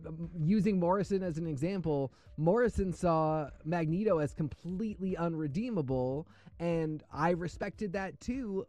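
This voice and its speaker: A man hosting a casual comics discussion, giving thoughtful, measured opinions. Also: fairly high pitch, a little mellow, no room sound. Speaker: host.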